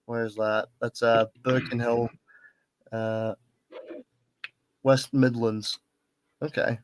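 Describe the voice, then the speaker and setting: A man's voice: medium pitch, level tone, slow pace, a little hiss or hum. A northern English man, a guest musician, chatting easygoingly and swearing casually. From northern England. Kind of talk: casual interview chat.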